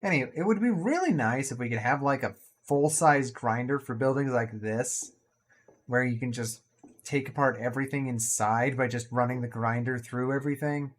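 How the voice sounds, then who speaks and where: A man's voice: mid-range voice, moderate pace, slight background noise. A man talking casually through a survival building game, chatty and playful with jokey asides. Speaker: gaming video creator. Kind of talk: casual let's-play commentary.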